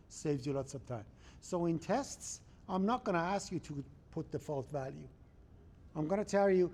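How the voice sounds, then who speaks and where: A man's voice: high-pitched, lively intonation, moderate pace, darkish tone. A man teaching a programming class in a conversational lecture style, often checking that students follow along. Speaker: programming instructor.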